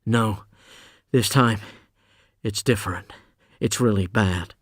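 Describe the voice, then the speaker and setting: A man's voice: lowish voice, no echo, clean studio sound. A male audiobook narrator voicing a restless young man who talks in a hesitant, pleading way. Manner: hesitant, halting. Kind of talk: audiobook character reading.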